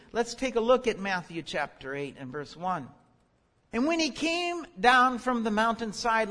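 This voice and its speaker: A man's voice: very high-pitched, sharp tone, long reverb tail. A man teaching a Bible study lesson, earnest and explanatory, his voice leaping up when he calls out the words he quotes.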